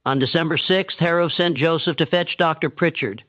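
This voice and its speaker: Man narrating a dark historical tale. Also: fairly high pitch. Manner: steady, measured storytelling. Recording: dull, dry, lo-fi sound.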